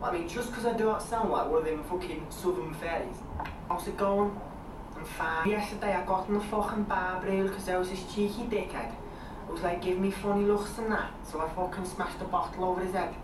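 A man's voice: high voice, fairly even intonation, brisk, pitched above the performer's own voice, close to an everyday voice. A man putting on a foul-mouthed bar brawler. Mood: boastful. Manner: rough, boastful, swearing. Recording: video played on room speakers, echoey and distant with noise.

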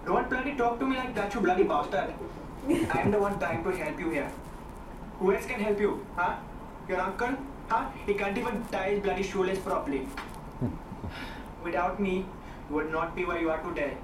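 A man's voice: high voice, moderate pace, lightly acted. A man performing a run of different British dialects as a series of blustering, foul-mouthed characters, played back from a recording. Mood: angry. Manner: switches between many distinct British dialects; swears freely, blustering. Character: assorted British men, brash and profane. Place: clip played aloud in a classroom. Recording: roomy, distant, noisy playback in a classroom.

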